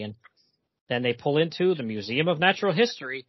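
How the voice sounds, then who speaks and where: A man's voice: a little high, lively intonation, brisk, husky, no echo, dull audio. A man co-hosting a comics podcast in casual chat, talking in a hesitant, chatty way with many fillers.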